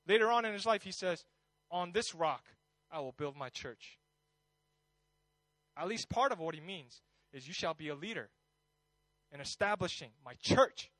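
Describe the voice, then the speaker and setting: A male pastor delivers a sermon in a relaxed, conversational style, telling stories with animated energy in a high-pitched voice at normal speed. The low-quality recording sounds dry and close, with no echo or room sound.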